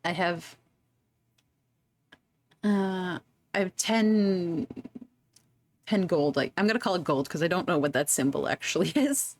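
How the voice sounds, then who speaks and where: A woman's voice: fairly low pitch, measured pace, long pauses. A woman streamer chatting casually and giggling as she plays a game, reading its text aloud. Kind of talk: casual gameplay commentary.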